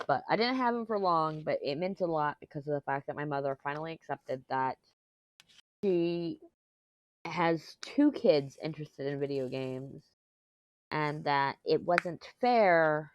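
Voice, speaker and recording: A woman, chatting casually and rambling on while she crafts, self-deprecating and quick to laugh, on a mic clipped to her shirt. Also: deep voice, no echo. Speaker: diamond painting vlogger. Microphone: lapel mic clipped to t-shirt. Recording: dull, lo-fi, dry lapel sound.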